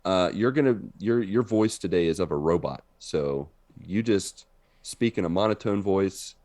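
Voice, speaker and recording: A deep-voiced man living in Brazil tells a story at normal speed as co-host of a casual podcast chat. He's an animated storyteller who laughs often.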